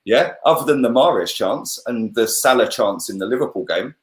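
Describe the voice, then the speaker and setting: A man's voice: mid-range voice, normal speed, roomy sound. Man breaking down a football match. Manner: animated, lots of "yeah?" and "bruv", laughs often. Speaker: football channel host. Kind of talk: casual fan match review on a livestream.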